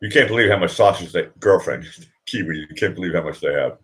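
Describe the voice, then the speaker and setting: A man's voice: sits low, fairly quick, fairly bright tone. A man hosting a casual livestream chat, rambling and joking and laughing often as he talks. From United States. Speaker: livestream host.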